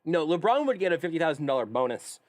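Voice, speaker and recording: A male sports radio host talks with a wry, joking energy. His pitch swings widely and sits a little high for a man. The studio sound is close and dry. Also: quick pace, no echo. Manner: animated, wry, leads the conversation. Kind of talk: casual sports radio banter.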